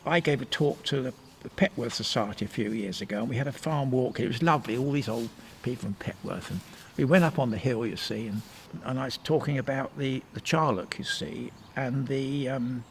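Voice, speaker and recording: A man's voice: medium pitch, a little fast, vocal fry, a little hiss or hum. An older man from Sussex, England, reminiscing in a casual interview in a rambling, anecdotal way. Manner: rambling anecdotal storyteller, meandering with restarts.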